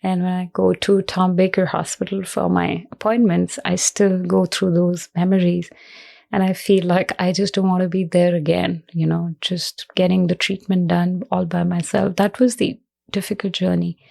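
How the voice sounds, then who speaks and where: A woman guest in an interview, speaking earnestly and reflectively in halting phrases, emotional with her voice cracking at times. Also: fairly low pitch, flat delivery, gravelly, a little mellow. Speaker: guest, cancer survivor. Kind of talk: personal interview talk.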